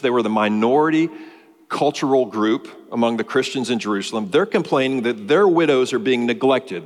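A man preaches a sermon as pastor, walking through a passage and building emphasis with rising lists. His voice sits in a middle range. A long hall reverb follows every phrase. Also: medium pitch.

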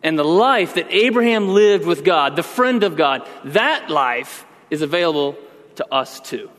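A man's voice: fairly high pitch, expressive, a little slow, fairly bright tone, in a large hall. A man preaching a sermon with earnest emphasis, teaching through rhetorical questions. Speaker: pastor.

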